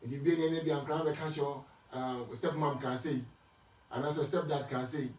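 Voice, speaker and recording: A man's voice: fairly high pitch, steady tone, normal speed, darkish tone. Man with a Ghanaian accent in an echoey room. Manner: switches between Twi and English, with many restarts and repeated words. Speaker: speaker answering marriage questions. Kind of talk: casual Christian teaching talk. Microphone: distant from the mic. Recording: echoey room, speaker far from the mic.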